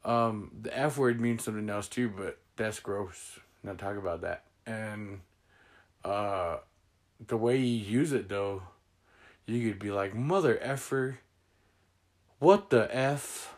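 A man's voice: fairly low pitch, unhurried. Rambling young man telling stories. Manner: rambling storyteller, laughs often. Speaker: host. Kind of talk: casual chat.

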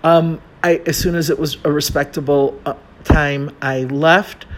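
A man's voice: a little high, fairly even intonation, measured pace, slight background noise. An American man telling a self-mocking travel story in a chatty, casual way, with many fillers. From United States.

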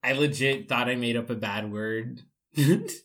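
A man hosting a casual podcast, relaxed and joking, with plenty of slang. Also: mid-range voice, measured pace. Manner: laid-back, laughs often, casual slang. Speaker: podcast host.

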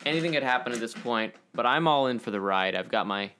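A man's voice: mid-range voice, expressive, fast, bright, forceful tone, a little hiss or hum. Playful man co-hosting a TV review podcast. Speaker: podcast co-host. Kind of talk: casual TV review chat.

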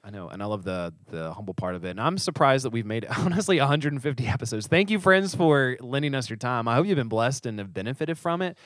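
A man's voice: medium pitch, animated, fairly bright tone, no room sound. A man co-hosting a church podcast as a pastor, in casual joking chat, breathing a little hard from allergies. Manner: joking, quick-talking. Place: small studio up steep stairs. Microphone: studio mic on a stand.

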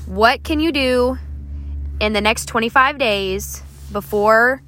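A woman's voice: a little high, slow pace, pushed and bright. A woman hosting a motivational podcast, talking straight to her listeners in an encouraging, coaxing way and checking in with "okay?" as she goes. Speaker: podcast host.

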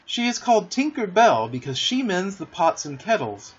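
A man voicing an eager, boastful young boy who never wants to grow up, with lively boyish talk, in a dull lo-fi recording. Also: high-pitched, moderate pace, breathy edge, voice pushed up, exaggerated voice.

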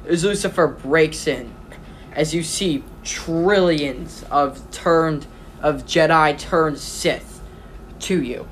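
A game master narrating a tabletop game in a rambling way, with many pauses and restarts. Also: mid-range voice, slight background noise.

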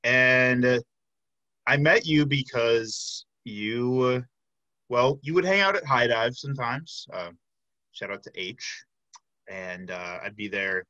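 A man hosting a podcast in casual chat, hesitant, with lots of fillers, trailing off softly. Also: medium pitch, slow, no echo, highs cut off. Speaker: podcast host.

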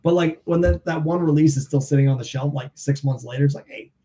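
A man's voice: on the high side, fast, warm tone. A man co-hosting a beer podcast who shares blunt opinions in casual chat. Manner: opinionated, critical beer talk. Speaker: podcast co-host.

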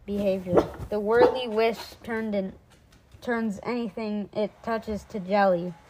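A woman reading a children's chapter book aloud, expressive, with small stumbles and restarts. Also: mid-range voice, unhurried, a little hiss or hum. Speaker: reader.

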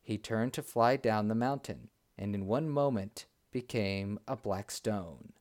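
A man narrating a fairy tale in a slow, deliberate reading style. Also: fairly low pitch, darkish tone. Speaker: storyteller. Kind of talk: storybook narration.

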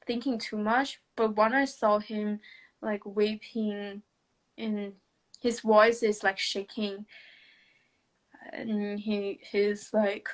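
A woman sharing a personal story in conversation, speaking hesitantly with many restarts, soft laughs and non-native English grammar. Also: medium pitch, little pitch movement, slow pace.

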